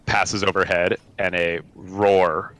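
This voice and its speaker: Low-voiced, bright-toned male DM, laid-back with filler-heavy narration. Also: flat delivery, slow. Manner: laid-back, laughs often, many fillers. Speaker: dungeon master. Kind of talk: narrating a tabletop game over voice chat.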